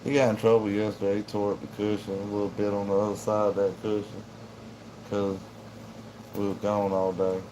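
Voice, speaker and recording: A man's voice: lowish voice, completely flat delivery, brisk, background noise. A man chatting casually on a livestream, rambling in a laid-back way to his viewers and his dog at home. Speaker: livestream host.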